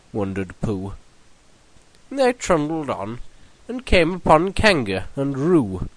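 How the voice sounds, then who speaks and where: British comedy host, earnest storyteller, lively intonation, dry close mic. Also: male voice, medium pitch, takes it slowly, no echo, rough recording. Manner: earnest bedtime-story delivery. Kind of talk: mock storybook reading.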